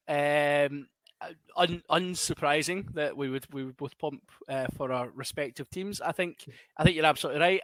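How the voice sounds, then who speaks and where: A man hosting a casual sports podcast, often halting and repeating words as he looks for the next one. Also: on the high side, bright, forceful tone, dry recording. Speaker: podcast host.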